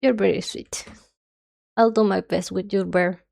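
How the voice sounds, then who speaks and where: A woman's voice: mid-range voice, fairly even intonation, measured pace, vocal fry, darkish tone. A young woman streamer chatting casually and rambling nonstop while she draws, her nose stuffy. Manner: rambling, chatty, self-described yapping.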